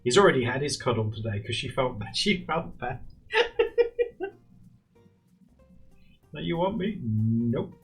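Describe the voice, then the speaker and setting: A young man streaming live, chatting casually and rambling while he draws, often laughing and jumping into high squeaky bursts. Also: huge pitch swings, slow, long pauses, soft background music. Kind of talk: casual chat while drawing on a livestream.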